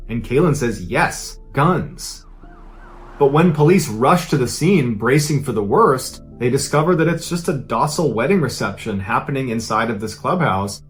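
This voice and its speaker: A man recounts a true-crime story, casual and conversational but building suspense. His voice sits at a mid pitch with faint music underneath. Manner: dramatic, conversational retelling.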